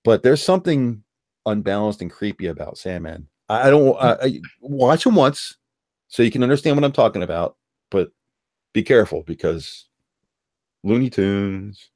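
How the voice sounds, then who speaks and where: A man's voice: mid-range voice, sing-song, normal speed, darkish tone, no echo, clean studio sound. A man hosting a live stream, giving blunt, rambling opinions in casual chat. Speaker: streamer hosting a call-in discussion.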